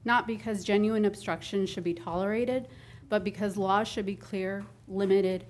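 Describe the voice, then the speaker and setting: A woman's voice: mid-range voice, steady tone, moderate pace. A woman, a former nonprofit director, giving a formal prepared public comment at a council meeting.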